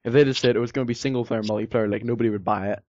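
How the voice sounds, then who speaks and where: A man's voice: mid-range voice, fairly even intonation, rapid-fire, darkish tone, dry recording, dull audio. A man chatting casually as a podcast co-host, rambling with lots of fillers and some sarcasm. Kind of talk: casual chat.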